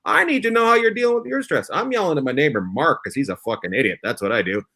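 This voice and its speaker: Animated, bright-voiced male comedy host. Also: quick pace. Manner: loud, laughing, swearing, big swings in pitch. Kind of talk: casual comedy chat.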